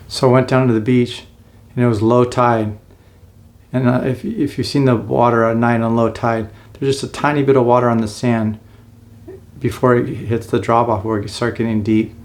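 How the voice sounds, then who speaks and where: Man, forties, earnest casual storytelling, mid-pitched voice. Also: fairly even intonation, normal speed. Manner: earnest, acts out his own past lines. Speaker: vlogger telling his life story.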